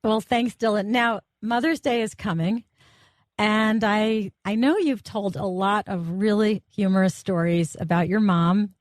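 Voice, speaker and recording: A woman hosts a podcast interview in a relaxed, appreciative tone. Her voice is close and dry, with no room echo. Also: medium pitch, a little slow. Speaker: podcast host and editor. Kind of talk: casual interview chat.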